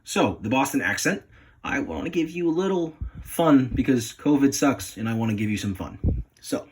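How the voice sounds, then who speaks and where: A man's voice: mid-range voice, animated, normal speed, slight background noise. A man from New England giving a class presentation into his phone, hesitant and apologetic with many ums. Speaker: student presenter.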